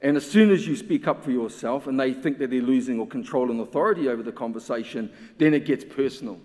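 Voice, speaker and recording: A man speaks at a symposium with blunt, emphatic conviction. His voice sits at an ordinary middle pitch. It rings out with a long reverb trail through a large hall. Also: fast talker, a little mellow. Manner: impassioned and emphatic, with pointed rhetorical questions. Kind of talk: conference talk.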